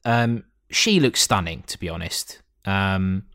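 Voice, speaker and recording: A podcast co-host with a deep, expressive voice speaks slowly with a sharp tone. In a casual chat, he rambles and cracks jokes while recapping a show, swearing freely.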